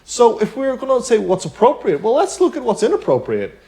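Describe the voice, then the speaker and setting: A man's voice: very high-pitched, wildly swooping pitch, a little fast. Chatty male piano teacher. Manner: chatty, many "you know" asides and rhetorical "isn't it?"; explains with everyday examples. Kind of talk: casual spoken tutorial.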